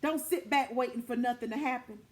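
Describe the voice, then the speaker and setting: A woman with a high voice delivers a prophetic word straight to her listeners. She presses her points home through emphatic repetition and speaks in a casual, direct way. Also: fairly quick. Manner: informal, direct address to listeners. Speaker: prophetic minister.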